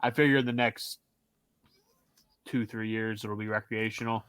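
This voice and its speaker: A man co-hosting a sports podcast, chatting casually about hockey in a relaxed, rambling way. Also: on the low side, moderate pace, clean tone, dry recording. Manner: relaxed, rambling with fillers and restarts. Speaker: podcast co-host. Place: Pittsburgh area.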